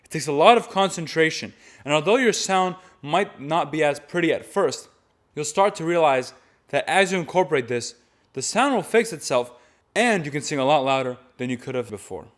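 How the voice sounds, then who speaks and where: A man who teaches voice and chant gives a vocal technique lesson in an expressive, somewhat high voice at a moderate pace. He explains each step plainly and demonstrates sounds in between.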